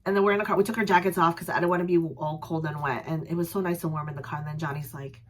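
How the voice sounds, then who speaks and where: A young woman vlogger casually telling a story to camera, animated and acting out voices, her voice a little strained. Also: rapid-fire. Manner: animated, acts out voices with loud high yells. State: voice slightly strained.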